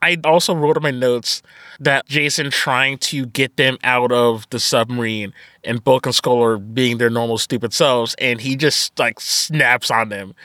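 A man's voice: medium pitch, fairly even intonation, a little slow, sharp tone, no echo, studio quality. A man co-hosting a podcast, chatting casually about a movie, swearing and laughing as he acts out lines. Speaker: podcast co-host. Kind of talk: casual chat, movie review.

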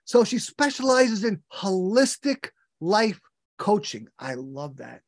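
A man's voice: high-pitched, very animated, slow pace, no room sound, clean studio sound. A man hosting an interview, enthusiastic and rambling, with many restarts as he introduces his guest. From United States. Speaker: podcast host.

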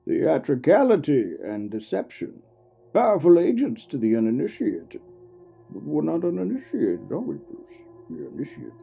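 A scheming, showy film villain whose gravelly voice lurches from low growls to high, mocking peaks. He savors every word. The clip sounds narrow and tinny, with a faint score behind him. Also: huge pitch swings, moderate pace, faint music behind, exaggerated voice. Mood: sly, mocking. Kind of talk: film dialogue.

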